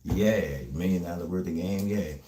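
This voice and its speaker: A man, talking fast and streetwise in a casual livestream chat, often asking "you heard me". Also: low-pitched, dark tone, echoey room, slight background noise.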